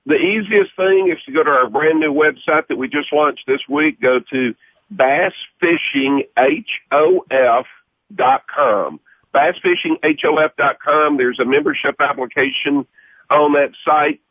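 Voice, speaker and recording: A man's voice: fairly high pitch, fairly even intonation, moderate pace, no echo. A man talking as a guest on a radio show, earnest and explaining things step by step. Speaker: radio guest, hall of fame representative. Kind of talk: casual radio interview by phone. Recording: tinny phone line.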